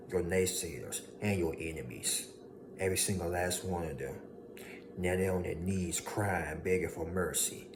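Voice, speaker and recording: A man giving an emphatic motivational monologue, repeating lines for effect and mocking his doubters. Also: low voice. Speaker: motivational speaker. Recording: steady background noise.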